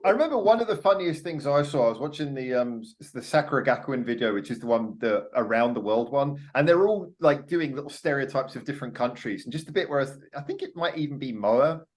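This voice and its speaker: A man hosting a podcast in casual chat, chatty and quick to laugh. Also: mid-range voice, animated. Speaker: podcast host.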